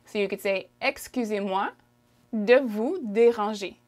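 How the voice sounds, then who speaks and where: A woman with a Canadian French accent teaching a French lesson, drawing out phrases slowly for the listener to repeat and checking in with "okay?". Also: mid-range voice, a little mellow. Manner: slow, drawn-out pronunciation drills, frequent "okay?" checks. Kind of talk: language lesson, modelling phrases for repetition.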